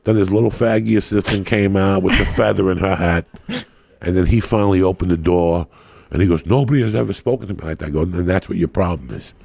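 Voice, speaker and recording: A man telling a profane, animated story as a podcast guest, acting out the people in it. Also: low-pitched, fairly quick, gravelly, dry recording. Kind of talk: casual storytelling.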